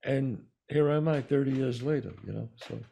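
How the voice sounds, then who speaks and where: A man with a New York accent, co-hosting a talk show and telling a personal story in an animated way, acting out the voices of the people in it. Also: medium pitch, normal speed, gravelly. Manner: animated storyteller, acts out quoted dialogue. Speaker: podcast co-host. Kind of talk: storytelling in casual conversation.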